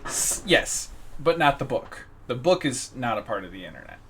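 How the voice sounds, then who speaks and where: A man's voice: mid-range voice, very animated, moderate pace, husky. A man narrating and explaining rules as game master in a casual tabletop session. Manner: casual, joking asides.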